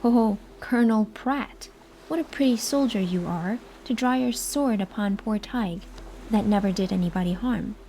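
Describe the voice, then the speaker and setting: A woman's voice: medium pitch, normal speed, warm tone, a little hiss or hum, lightly acted. A woman voicing an invisible, mocking male fairy spirit that laughs and taunts, as a whispered role-play. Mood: taunting.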